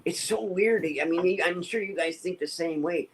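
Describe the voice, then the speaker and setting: Rambling man with a higher voice. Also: moderate pace, a crowd in the background, poor audio. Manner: rambling, many fillers and restarts. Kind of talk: casual chat.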